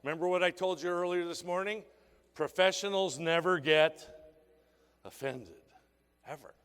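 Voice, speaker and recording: A man's voice: sits high, moderate pace, a bit bright, clean tone. A man giving a motivational sales talk to a seminar audience in a conference hall, firing punchy rhetorical questions at the crowd. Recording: long reverb in a large hall.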